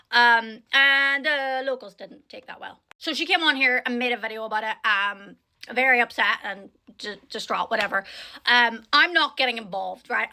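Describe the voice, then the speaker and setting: A woman's voice: on the high side, sharp tone. A woman from Northern Ireland with a Northern Irish accent, giving casual commentary as she tells a story, chatty with frequent tag questions. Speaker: online commentator.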